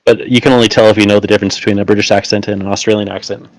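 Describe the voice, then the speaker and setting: A man's voice: lowish voice, flat delivery, racing, no echo, low-quality recording. A man co-hosting a casual hobby chat, dropping dry, teasing one-liners. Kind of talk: casual chat while assembling miniatures.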